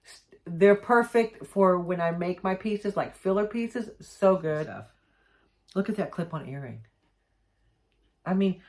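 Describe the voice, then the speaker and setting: A woman's voice: lowish voice, normal speed. Gushing woman unboxing jewelry. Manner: excited, gushing, many restarts. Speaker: jewelry maker unboxing mail. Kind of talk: casual unboxing vlog chat.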